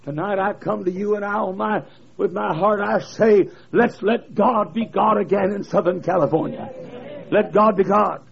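A man's voice: high voice, normal speed, vocal fry, lo-fi sound. A man preaching a fiery revival sermon, telling stories and rising into impassioned cries, heard through a church PA microphone. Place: church service.

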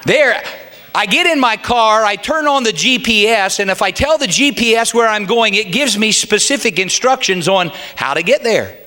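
A middle-aged male pastor with a high, bright, ringing voice delivers a sermon. He mixes folksy humor with earnest teaching. At times he swells into fervent, pleading calls. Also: lively intonation, moderate pace. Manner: folksy preaching with humor, rising to fervent pleas.

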